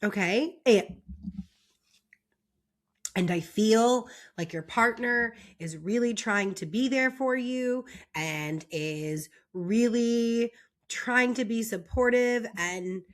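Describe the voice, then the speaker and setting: A woman's voice: on the high side, slow pace. A young woman giving a casual, opinionated recap of a reality show, chatty and peppered with fillers, often exasperated. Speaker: reality TV commentator.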